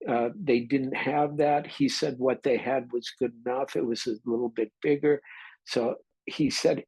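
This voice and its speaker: A man's voice: mid-range voice, fairly even intonation, unhurried, a little mellow, slightly rough, no room sound, poor audio. A man, a meditation teacher, giving an informal dharma talk and telling a candid, rambling story with mild swearing.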